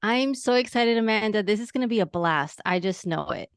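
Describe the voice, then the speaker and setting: A woman's voice: medium pitch, lively intonation, brisk, smooth, dry recording, clean studio sound. A middle-aged woman from Queens, New York, with a New York accent with a mild Latina lilt, speaking as a bubbly, effusive interview guest. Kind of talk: casual interview.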